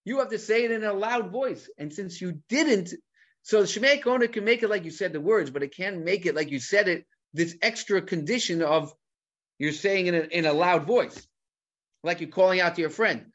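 A man giving an animated Talmud lecture, mixing Hebrew terms into English and asking rhetorical questions. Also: high voice, normal speed, muffled recording. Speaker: Torah teacher.

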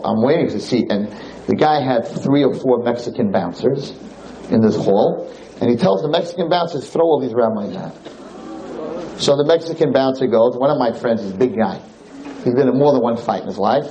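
A man's voice: medium pitch, a little hiss or hum, poor audio. A man, a rabbi, telling a story in a lecture and acting out the other people in it. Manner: animated storyteller, acts out quotes.

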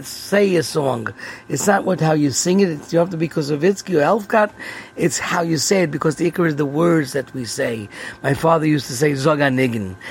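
A man hosting a daily prayer lesson, explaining terms in a relaxed teaching manner. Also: a little high, breathy edge. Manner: explanatory, sprinkled with Hebrew and Yiddish terms. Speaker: host.

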